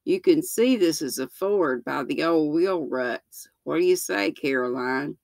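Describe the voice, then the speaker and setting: A woman in her sixties voicing a calm, reassuring pioneer father as she reads the story aloud. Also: low-pitched, a little slow, creaky, no room sound, heavily acted. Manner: reassuring, plain-spoken. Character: calm steady pioneer father, a grown man.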